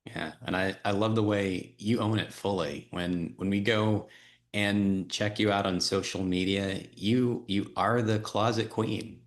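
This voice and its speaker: A man co-hosting a podcast interview, speaking in an unhurried, admiring way. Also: on the low side, steady tone. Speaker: podcast co-host. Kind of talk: conversational interview.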